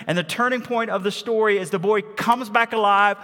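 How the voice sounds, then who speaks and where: A man preaching a sermon as pastor, firing rhetorical questions at the congregation and swinging between hushed and loud delivery. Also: high-pitched, fairly quick, few pauses, big-room sound.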